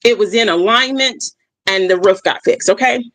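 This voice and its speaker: On a streaming mic with no room sound, a woman leads a motivational livestream at a moderate pace and medium pitch. She reflects, repeats her main phrases, frequently checks in with viewers, and warmly calls them "y'all."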